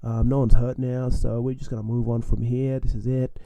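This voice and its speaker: A young man recounts something from his own life, casual and animated, full of slang and frequent chuckles. His voice sits in the mid range with some vocal fry, and he talks a little fast.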